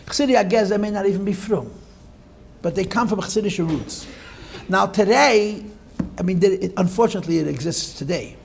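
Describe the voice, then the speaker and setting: A man's voice: high-pitched, expressive, a little fast, vocal fry, a little hiss or hum. An older man teaching a class, telling stories with digressive, wry asides.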